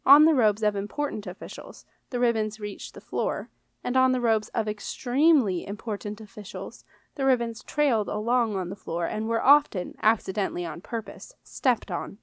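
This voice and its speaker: A woman narrating a children's fantasy audiobook in a measured, expressive storytelling manner. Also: mid-range voice, no room sound. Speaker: audiobook reader.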